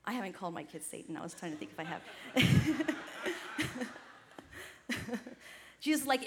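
A woman preacher delivering an energetic, exhortative sermon that rises to shouts. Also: fairly high pitch, a little slow, pauses often, a little hiss or hum.

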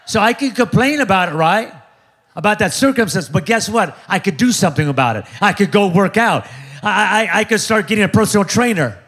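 A man in his forties preaching an energetic sermon, joking with the crowd and driving points home with call-and-response repetition. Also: high voice, brisk. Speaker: pastor.

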